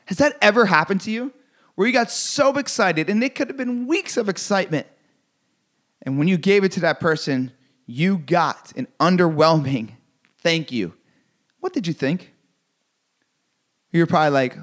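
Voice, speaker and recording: A high-voiced man gives a motivational speech, driving his points home through repetition and occasional swearing as he presses hard on the listener. His delivery is intense and preachy, with lively intonation, normal speed, and frequent pauses.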